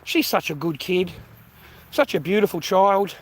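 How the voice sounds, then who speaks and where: Rambling high-voiced Australian man. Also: a little slow, slightly rough. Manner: rambling, swearing, calls viewers mate and bro. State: out of breath carrying a heavy bag. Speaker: vlogger. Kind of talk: casual walking vlog. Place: outdoors walking in street. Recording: faint traffic noise outdoors.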